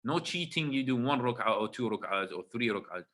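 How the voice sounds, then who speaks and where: This webinar speaker's medium-pitched voice is animated, a little fast and fairly bright as he preaches on a video call. Emphatic and repetitive, he echoes his own phrases and checks in with a "right?"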